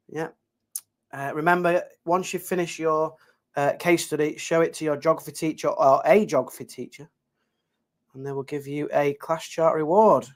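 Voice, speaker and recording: A male geography teacher with a Yorkshire accent, chatting casually and upbeat to students on a live stream, full of fillers and restarts. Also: fairly high pitch.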